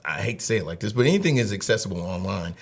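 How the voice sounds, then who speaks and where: A man's voice: fairly low pitch, lively intonation, racing. A man in his thirties, a guest on a podcast, giving earnest advice in casual talk and often repeating words as he thinks. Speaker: HR director guest.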